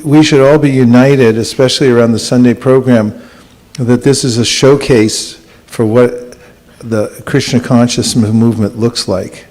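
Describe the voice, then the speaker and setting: A man teaching a scripture class and taking questions, speaking in a measured way with gentle dry humor. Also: medium pitch, rough recording. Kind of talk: class talk with audience questions.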